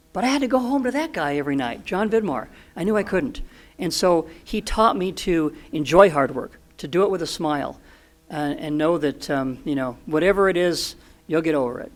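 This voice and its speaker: A man in his sixties, a podcast guest, telling stories in an earnest, animated way with frequent restarts. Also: a little high, moderate pace. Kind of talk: storytelling in an interview.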